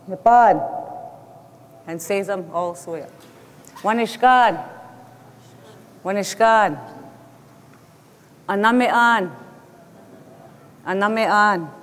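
A man teaching a language class who says each word slowly and then repeats it. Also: high-pitched. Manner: slow, patient, repeats each word twice. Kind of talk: language lesson, repeating vocabulary. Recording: echoey room with long reverb.

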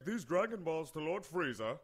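A flamboyant alien squad captain , as a man voices him, who talks like a game-show host. His pitch bounces around with showman flair. This is a cartoon parody dub. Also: big pitch swings, moderate pace, noisy background. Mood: showy.

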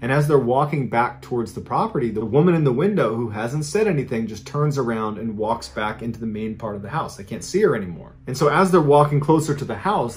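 A man hosting a channel, telling spooky true stories in a dramatic but conversational way. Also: medium pitch. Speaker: host. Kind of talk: spooky true-story narration.

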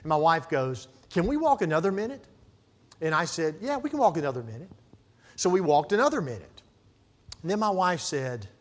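In a fairly high voice, a middle-aged male pastor preaches and tells stories. His delivery swings between loud emphasis and quieter asides.

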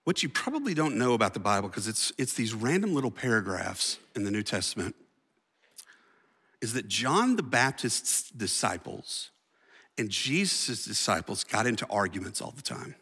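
A man preaching a sermon with a bright, forceful tone, telling the story in a casual, slangy way. His voice rings out with a long hall reverb, as if from a church sanctuary. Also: on the low side, big pitch swings, normal speed, breathy edge. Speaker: pastor.

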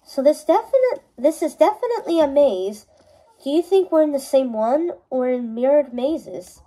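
A woman's voice: high-pitched, lively intonation, moderate pace, warm tone. A woman voicing a clever, determined young princess who carefully explains things. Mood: earnest. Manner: focused, explaining.

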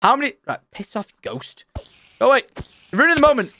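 A man commentating his Minecraft let's play, excitable and loud at surprises. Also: very high-pitched, a little fast, no echo. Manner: excitable, shouts and squeals at surprises. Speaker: gaming channel host.

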